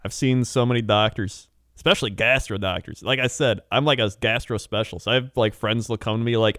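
A man's voice: fairly low pitch, fairly even intonation, fairly quick, few pauses, fairly bright tone, dry recording, studio quality. A man co-hosting a podcast, rambling through casual stories and laughing often. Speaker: podcast co-host. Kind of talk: casual chat.

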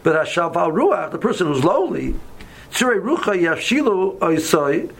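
A man's voice: sits high, sing-song, normal speed, vocal fry, husky, low-quality recording. A man giving a casual Torah lesson, telling stories with many fillers and mixing in Hebrew and Yiddish terms. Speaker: yeshiva teacher.

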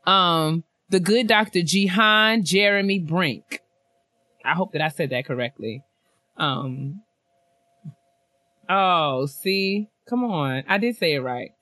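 A young woman co-hosting a laid-back chat show, reading listener messages with animated asides and easy laughter. Her voice is bright and crisp. The recording is close and dry. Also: lowish voice, slow, dry recording. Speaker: podcast co-host.

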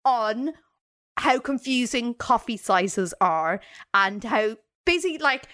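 An Irish woman co-hosting a podcast, chatting casually and telling a story with quick impressions. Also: fairly high pitch. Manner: animated, breaks into quick impressions. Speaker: podcast co-host.

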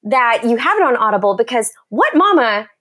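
A woman doula talking as a podcast guest, enthusiastic and animated, acting out little quotes as she goes. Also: on the high side, brisk, a little hiss or hum. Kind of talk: casual podcast chat.

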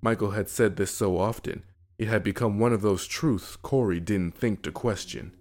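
A man narrating a scripted horror story in a measured, somber way. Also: fairly low pitch, a little mellow.

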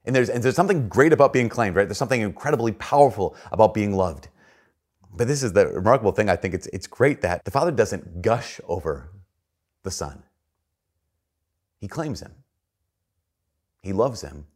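Low-voiced man preaching a conversational homily. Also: lively intonation, normal speed, pauses often. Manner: conversational preaching with frequent restarts, swings between soft and loud. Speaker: priest. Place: church.

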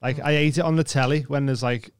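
Podcast host guy, mid pitch, easygoing, lots of yeahs. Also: fast talker, smooth, no echo, studio quality. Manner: relaxed, agreeable, chimes in with short affirmations. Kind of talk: casual podcast chat.

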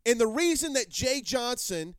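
A man's voice: very high-pitched, very animated, normal speed, no room sound, clean studio sound. A man hosting a live sports talk show, brash and rambling, repeating himself as he answers viewer comments.

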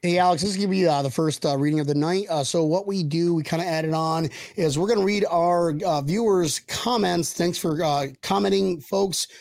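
Energetic, jokey male host, dry close mic, fry in the voice. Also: on the high side, normal speed, hardly any pauses, no room sound. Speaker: podcast host. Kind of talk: live-stream podcast hosting.

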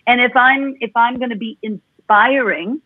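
A husky woman coach talks in an emphatic way and drives her points home by repeating them. Her voice comes over a thin, phone-like line. The sound is dry and close, with no room echo. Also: a little high, unhurried. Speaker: vocal coach guest. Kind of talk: podcast interview talk.

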